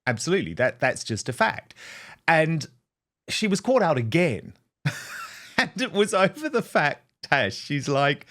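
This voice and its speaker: A man's voice: on the high side, big pitch swings, measured pace, a bit bright. A man hosting an opinion show, speaking in a blunt, scornful tone. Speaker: host. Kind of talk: opinionated commentary.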